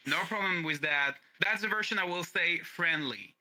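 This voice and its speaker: A man's voice: fairly high pitch, moderate pace, sharp tone, poor audio. A man with a French accent, a guest chatting casually in an interview, playful and loose, swearing casually. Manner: playful, shifts his voice freely, swears casually. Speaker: guest streamer.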